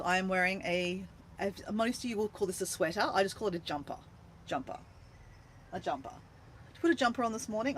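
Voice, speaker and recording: An Australian woman chats casually to her livestream viewers from inside a camper van. Her voice swings widely, jumping up into high squeals when she greets people. Faint ambient noise sits behind her. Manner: chatty and playful, squealing greetings. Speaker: vlogger greeting live viewers.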